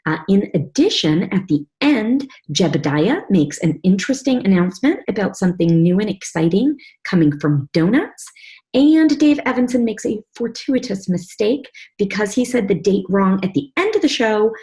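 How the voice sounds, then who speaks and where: A woman's voice: mid-range voice, animated, moderate pace, mellow. A woman hosting and producing a panel talk show, chatty and upbeat, speaking over a video call. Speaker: host and executive producer.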